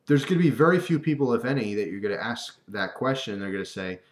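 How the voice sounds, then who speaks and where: A man talking casually to camera in a rant, animated and wry, acting out quoted voices. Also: mid-range voice, fast talker, few pauses. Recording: echoey room.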